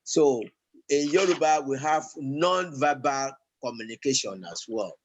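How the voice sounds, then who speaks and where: A man teaching a language lesson, talking slowly and haltingly, with many fillers and repeated words. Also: medium pitch, low-quality recording. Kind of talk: classroom lesson.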